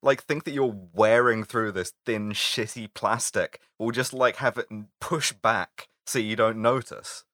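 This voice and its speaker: A man's voice: fairly low pitch, unhurried, hardly any pauses, dry recording, clean studio sound. A man co-hosting a casual podcast, rambling and riffing, swearing freely. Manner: rambling, lively, swears, laughs a lot. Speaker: podcast co-host.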